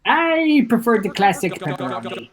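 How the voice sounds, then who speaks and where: A man's voice: sits high, wildly swooping pitch, normal speed, fairly bright tone. A man chatting casually and enthusiastically with fellow voice actors. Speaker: voice actor in group chat. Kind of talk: casual chat.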